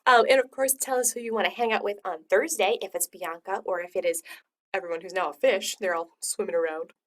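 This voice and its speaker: A woman's voice: mid-range voice, steady tone, a little fast, a bit bright, slight background noise. A woman hosting a choose-your-own-adventure story, reading it aloud and chatting with her listeners. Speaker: storyteller and host.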